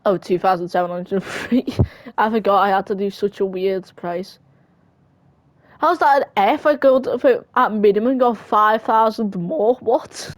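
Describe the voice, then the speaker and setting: A woman's voice: mid-range voice, steady tone, normal speed, dry recording. Woman rambling over a football game. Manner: rambling and self-mocking. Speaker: gamer. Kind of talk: casual game commentary.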